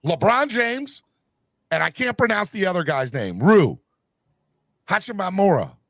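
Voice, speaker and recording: Ranting, gravelly-voiced man, lively pitch. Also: a little slow, a little hiss or hum. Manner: animated, ranting, bursts into shouting. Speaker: sports podcast host. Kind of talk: heated sports talk.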